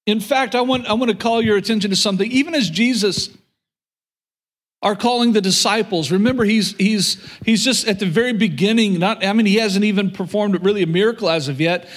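A man's voice: high voice, a little fast. A man preaching a sermon to a congregation in a church, earnest and often repeating his words as he paraphrases Scripture. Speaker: pastor. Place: church room with audience.

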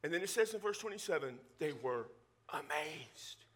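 A male pastor preaching a sermon in a conversational, animated way, with joking asides to the congregation. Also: a little high, normal speed. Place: church.

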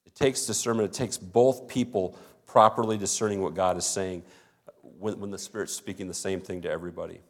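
Man preaching in a low, conversational voice. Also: steady tone, a little fast. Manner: conversational preaching, acts out little dialogues. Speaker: pastor. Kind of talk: sermon.

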